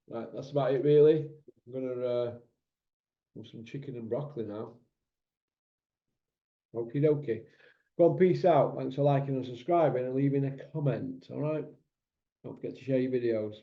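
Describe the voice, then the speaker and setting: A man hosting a casual chat show, relaxed and chatty, asking drawn-out questions with fillers. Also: mid-range voice, dull audio. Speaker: host.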